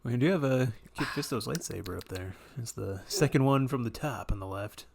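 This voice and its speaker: Gravelly, laid-back man chiming in. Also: medium pitch, moderate pace. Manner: laid-back, chuckling backchannel with short dry quips. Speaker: podcast co-host. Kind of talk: casual banter over beers.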